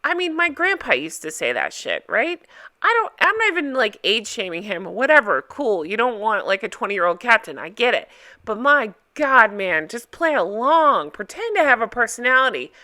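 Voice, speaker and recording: A woman chatting casually to her viewers as she recaps a reality show, talking in an animated way and jumping from one topic to the next. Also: fairly high pitch, moderate pace. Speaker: recap vlogger.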